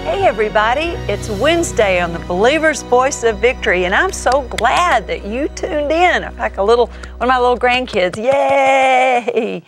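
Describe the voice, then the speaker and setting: A woman's voice: a little high, expressive, normal speed, few pauses, faint music behind. An older woman and grandmother giving a folksy Bible teaching as a TV minister, citing scripture as she goes. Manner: folksy, warm-hearted teaching with scripture references.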